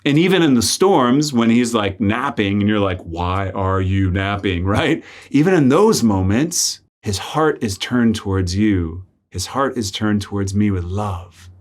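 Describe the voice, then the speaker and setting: A man's voice: lowish voice, lively intonation, measured pace, few pauses. A young man, a friar and priest, giving a spoken reflection in a conversational way, full of "like" fillers and acted-out quotes. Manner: conversational, many "like" fillers, acts out quoted voices. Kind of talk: spoken reflection with personal story.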